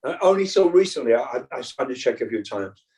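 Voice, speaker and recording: A man's voice: mid-range voice, expressive, fast talker, a little mellow, far from the mic, low-quality recording. An older British-born rock singer, a man, chatting casually as an interview guest, rambling with many fillers and restarts. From Britain.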